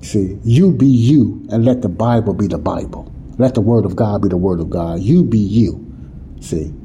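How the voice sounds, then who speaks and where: A man's voice: fairly low pitch, normal speed, dark tone, a little hiss or hum, low-quality recording. A man teaching the Bible in an emphatic, conversational preaching style, often checking that listeners follow. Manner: repeats "you see what I'm saying?" to listeners.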